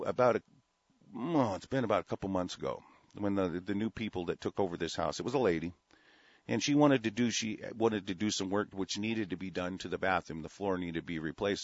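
A man's voice: low voice, no echo. A middle-aged or older man hosting a talk radio show, telling stories in a blunt, profane, rambling way full of restarts. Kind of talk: rambling storytelling and political rant on talk radio. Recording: dull, lo-fi, dry radio broadcast audio.

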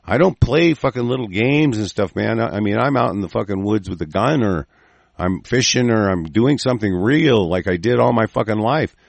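A man's voice: lowish voice, lively intonation, normal speed, vocal fry, no room sound. A man hosting a talk show, ranting angrily with constant swearing and rambling restarts. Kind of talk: profane political rant.

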